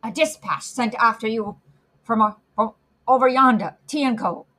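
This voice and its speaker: A woman voicing a hoarse male messenger rider. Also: fairly high pitch, moderate pace, pushed and bright. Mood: guarded.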